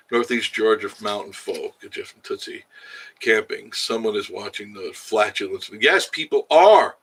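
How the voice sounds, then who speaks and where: Speaking at a moderate pace, this man has a lowish, expressive voice that's a bit bright with a breathy edge. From the Smoky Mountains, he chats with stream viewers by name, joking and laughing frequently.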